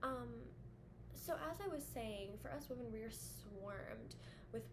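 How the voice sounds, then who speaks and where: A young woman with a fairly high voice talks straight to her camera at home, blunt and casual, swearing freely between fillers. An air conditioner hum runs clearly under her voice. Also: lively intonation, a little slow. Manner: blunt, swears a lot, chatty with many fillers. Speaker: vlogger giving dating advice to women. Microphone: camera facing her. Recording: audible background hum at home.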